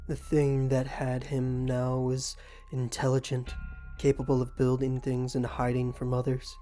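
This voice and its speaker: A man reading a horror story aloud in an even, scripted storytelling manner, with faint music behind. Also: mid-range voice.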